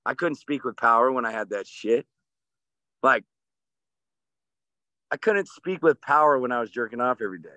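A man with a bright, pressing voice delivers fired-up motivational talk laced with swearing. His tone is forceful and direct, as if urging the listener on. The sound is dry and close. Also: medium pitch, expressive, normal speed, pauses often, no room sound. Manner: intense, profane, motivational. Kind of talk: casual podcast talk.

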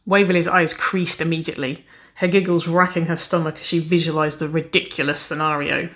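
A woman reading a romance story aloud, narrating at an even, unhurried pace. Her voice stays steady through long descriptive passages. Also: sits low. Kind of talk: scripted narration of romance fiction.

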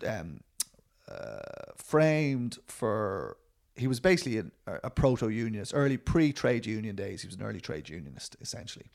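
Gravelly-voiced man, rambling interview answers. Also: fairly low pitch, big pitch swings, moderate pace, a little mellow. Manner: rambling, frequent restarts and fillers, self-deprecating. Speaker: documentary filmmaker.

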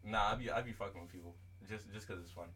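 A man's voice: fairly low pitch, quick pace, bright, forceful tone, distant mic. A young man on a podcast, telling funny stories in casual chat, laughing and swearing as he goes. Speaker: podcast co-host, firefighter.

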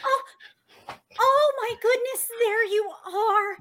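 A panicky, fussing woman calls out in a very high, squeaky falsetto, as a man puts her on. She drags her words out slowly, worried and apologetic. The voice sounds a little off the mic. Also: pushed and bright, heavily acted. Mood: fretful.

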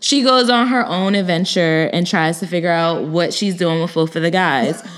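A woman's voice: lowish voice, normal speed. Chatty woman podcast co-host. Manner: chatty, recaps a show and acts out quotes. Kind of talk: casual podcast chat.

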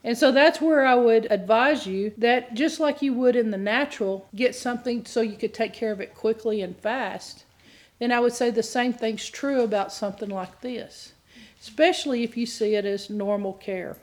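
Middle-aged female minister, somewhat high-pitched, earnest sermon delivery that builds to fervent appeals. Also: normal speed. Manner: earnest, rises to impassioned pleading. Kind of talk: teaching sermon.

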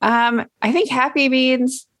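A woman's voice: high-pitched, steady tone, slow pace, fairly bright tone. A woman co-hosting a podcast, telling friendly anecdotes in casual conversation. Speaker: podcast co-host.

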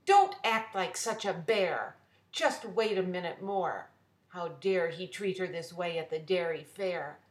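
A woman's voice: on the low side, a little slow, lightly acted. A woman voicing an indignant young girl at a fair, pleading and protesting. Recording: roomy echo.

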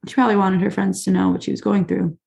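A young woman speaks in a relaxed, chatty way, her sentences full of fillers as she tells stories from her classroom. Her voice carries a gravelly vocal fry at a middling pitch. She sounds like a teacher sitting down for a casual podcast interview. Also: fast talker, dull audio. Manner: chatty, many fillers like "like" and "you know".

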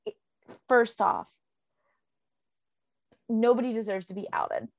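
A woman's voice: on the high side, huge pitch swings, slow pace, gravelly, dry recording. A woman co-hosting a podcast, chatting casually about a book, rambling with many fillers. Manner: rambling, full of "um" and "like". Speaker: podcast co-host.

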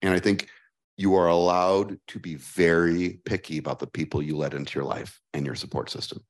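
A man with a Chicago accent answering audience questions at a live fireside chat, playful and animated, acting out the voices he quotes. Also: low-pitched, fairly quick.

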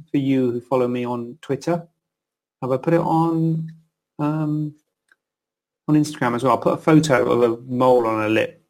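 A man's voice: medium pitch, creaky, a little mellow. A middle-aged man, a plastic surgeon, answering questions in a rambling, chatty live session from his computer. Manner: chatty, rambling, self-interrupting. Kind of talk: live Q and A chat.

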